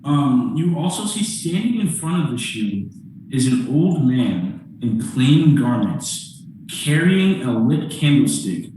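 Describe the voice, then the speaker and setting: A man's voice: medium pitch, very animated, slow pace, mellow. A man narrating as game master in a casual, filler-heavy way. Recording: very echoey, mic far off.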